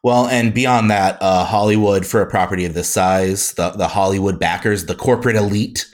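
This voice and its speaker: A man's voice: low voice, steady tone, normal speed. A man from the Midwest United States in a casual chat, speaking in a dry, sarcastic, blunt way. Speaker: podcast co-host.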